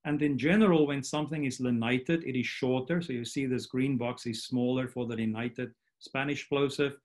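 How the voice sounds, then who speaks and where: A man's voice: mid-range voice, steady tone, moderate pace, a little mellow. A man giving an academic lecture as a guest speaker at an online workshop, explaining each step and often checking in with "right?".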